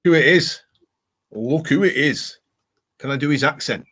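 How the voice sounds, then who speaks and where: A man's voice: on the high side, animated, measured pace, sharp tone, breathy edge. A British man hosting a casual live detecting talk stream, chatting and reading viewer comments aloud. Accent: British English. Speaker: livestream host.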